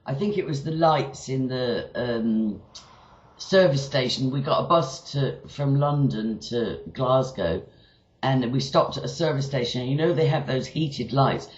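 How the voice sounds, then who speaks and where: A man's voice: mid-range voice, a little slow, roomy sound, dull audio. A man interviewing a guest in casual, chatty talk, telling anecdotes. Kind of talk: casual chat.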